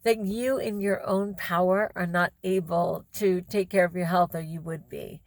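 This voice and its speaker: A middle-aged woman vlogging to camera in a casual, animated and effusive way. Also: on the low side, moderate pace, no echo.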